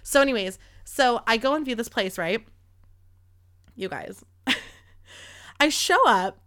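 Bright chatty woman in her thirties. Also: fairly high pitch, lively intonation, takes it slowly, no room sound, clean studio sound. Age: 30s. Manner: chatty, rambling, swears freely, heavy use of "like". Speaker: podcast host. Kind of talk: casual storytelling chat.

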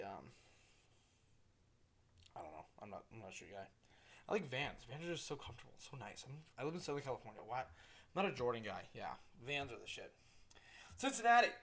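This is a young solo podcast host on his laid-back sports show, his mid-range voice carrying a slightly bright tone. He rambles along, fixes his own words, and curses without holding back.

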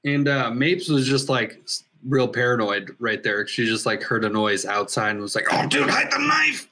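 A man's voice: lowish voice, fairly even intonation, moderate pace, sharp tone. A man co-hosting a casual podcast, reacting playfully and joking as the story is read to him. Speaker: podcast co-host listening. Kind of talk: casual chat.

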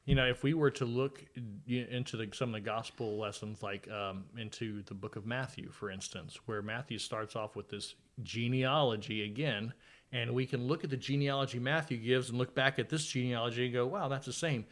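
A man's voice: medium pitch, fairly even intonation, brisk, a bit bright. Man hosting a casual Bible talk. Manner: conversational, with fillers and dry sarcasm. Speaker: podcast host. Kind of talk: casual Bible study chat.

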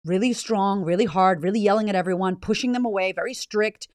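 Medium-pitched and talking a little fast, a female motivational podcast host and business owner delivers blunt, emphatic, raw remarks packed with swearing and repeated phrases. The sound is clean studio audio with no room sound.

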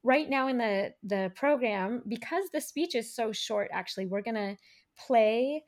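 A woman's voice: a little high, a little slow. A woman hosting a podcast in casual chat, thinking aloud and often restarting her sentences. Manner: thoughtful, with frequent restarts. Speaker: podcast host.

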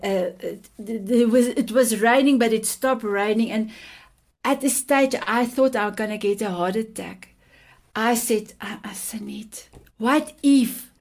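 A woman in her fifties from South Africa with a South African accent and Afrikaans as her first language, telling her personal story as a podcast guest in a heartfelt, affectionate way. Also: on the high side. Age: 50s. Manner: heartfelt, affectionate, repeats endearments.

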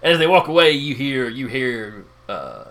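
A man's voice: medium pitch, sing-song, unhurried, fairly bright tone. A man running a tabletop role-playing game as game master, narrating hesitantly with many fillers.

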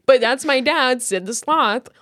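A woman's voice: sits high, expressive, measured pace, fairly bright tone, no echo, studio quality. A young woman co-hosting a podcast, telling a story animatedly in casual chat, swearing and laughing now and then. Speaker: podcast co-host.

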